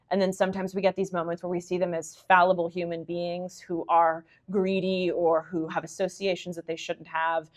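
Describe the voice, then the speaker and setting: A woman speaker at a literary society meeting, answering audience questions in a chatty, enthusiastic way full of asides. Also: on the low side. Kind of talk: conversational lecture Q&A.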